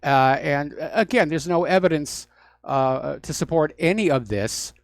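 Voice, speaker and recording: A man's voice: fairly high pitch, a little slow, no room sound. A man hosting a talk radio show, delivering solo commentary in a sardonic, mocking manner. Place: radio studio.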